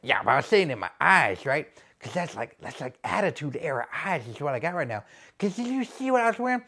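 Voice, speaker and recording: A man's voice: a little high, very animated, brisk, bright, forceful tone, full character voice. A man voicing a crude, boastful male wrestler who poses as a gangster, talking with swaggering slang in a comedy sketch.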